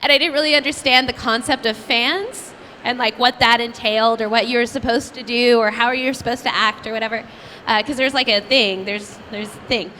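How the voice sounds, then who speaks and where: A woman voice actress telling stories at a convention Q&A, chatty and animated, laughing often. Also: fairly high pitch, brisk, a little hiss or hum. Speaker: voice actress guest. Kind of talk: convention Q&A storytelling. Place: convention panel room.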